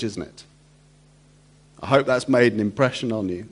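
A man's voice: mid-range voice, normal speed, pauses often, slightly rough. A man preaching a sermon, emphatic and repetitive, throwing rhetorical questions to the congregation.

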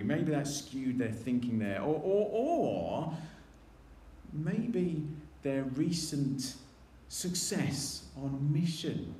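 A man's voice: a little high, warm tone, roomy sound. A man preaching a conversational sermon in a church, acting out quoted voices as he goes.

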